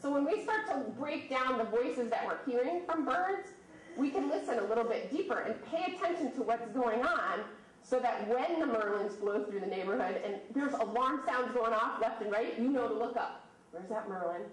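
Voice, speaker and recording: Lady in her 30s telling bird stories to a crowd, kinda high voice, big echoey room, mic way off. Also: normal speed. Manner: lively storyteller, quizzes the audience. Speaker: birding presenter. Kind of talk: storytelling talk to a live audience. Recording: echoey room from a distant mic, faint noise.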